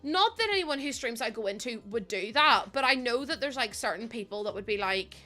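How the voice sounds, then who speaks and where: A woman's voice: fairly high pitch, animated, fairly quick, pushed and bright, soft background music. An Irish woman streaming a game and chatting casually, rambling, giggling often and swearing offhand. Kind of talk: casual live-stream chat while playing.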